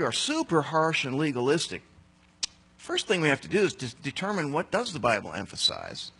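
A man's voice: on the high side, fairly bright tone, breathy edge. A middle-aged man preaching an expository sermon as pastor, emphatic, with sudden rising bursts on key words.

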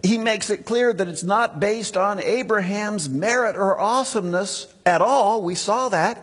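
Husky-voiced man preaching in a hall. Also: high-pitched. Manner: conversational, emphatic preaching with quoted asides. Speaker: pastor. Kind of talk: sermon.

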